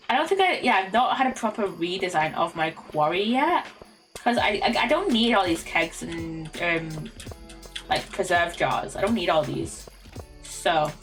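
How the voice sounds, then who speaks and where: Young woman, British accent, game streamer, rambling chat, stumbles over words, giggles, quiet lofi music underneath. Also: mid-range voice. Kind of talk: casual chat while gaming. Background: faint lofi music.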